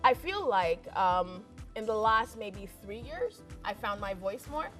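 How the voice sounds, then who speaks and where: A woman's voice: expressive, unhurried, fairly bright tone. A woman in her thirties from Kenya, a radio host chatting frankly as a guest on a talk show, laughing often. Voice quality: squeaky voice, in her own view. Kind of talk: casual chat interview. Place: TV studio. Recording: TV studio with faint music.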